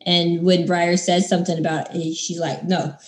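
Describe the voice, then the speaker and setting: A woman's voice: on the low side, level tone, moderate pace, darkish tone. A woman in a casual book discussion who reacts in an openly emotional, empathetic way. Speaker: book club member.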